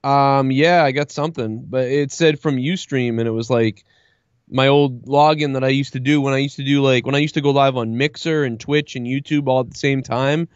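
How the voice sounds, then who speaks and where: A man's voice: mid-range voice, fairly even intonation, normal speed, no room sound, muffled recording. A man streamer in casual chat, rambling and swearing a lot as he tells a story full of quoted back-and-forth. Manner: profane, rambling storytelling with lots of quoting.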